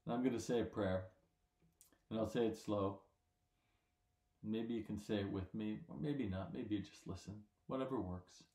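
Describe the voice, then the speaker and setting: A man, a pastor, giving a children's sermon in gentle, simple words, checking in with his listeners. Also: lowish voice, normal speed, pauses often, roomy sound.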